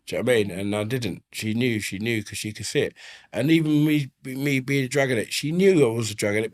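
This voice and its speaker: A man, telling stories in a casual interview, swearing freely and often asking "you know what I mean". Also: medium pitch. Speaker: interview guest. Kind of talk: casual storytelling. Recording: slightly faulty audio.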